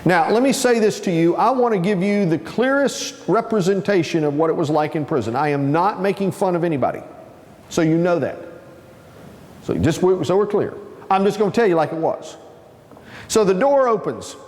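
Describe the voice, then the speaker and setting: A man's voice: sits high, expressive, normal speed, darkish tone, in a large hall. A man giving a storytelling keynote speech, acting out the voices of people in his story. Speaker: keynote speaker.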